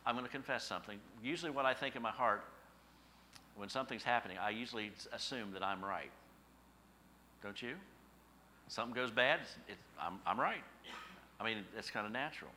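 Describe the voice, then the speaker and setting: A man's voice: on the low side, fairly quick, pauses often, pushed and bright, a little hiss or hum. A middle-aged man, a pastor, preaching a sermon with folksy stories and rhetorical questions.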